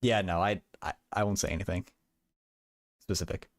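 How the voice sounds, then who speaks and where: A man's voice: deep voice, fairly even intonation, moderate pace. A young man livestreaming while he does math homework, chatting casually and often stammering and repeating words.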